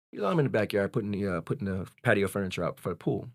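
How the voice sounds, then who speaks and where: A man in his forties, a podcast guest telling a personal story in a candid, animated way. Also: on the low side, fast talker, dry recording. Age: 40s. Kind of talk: casual storytelling.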